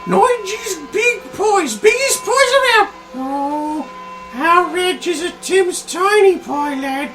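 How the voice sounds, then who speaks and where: A man voicing a grumbling old Cockney man who rants about prices in a shrill, shouting voice. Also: expressive, slow, music in the background, heavily acted, poor audio. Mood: nosy.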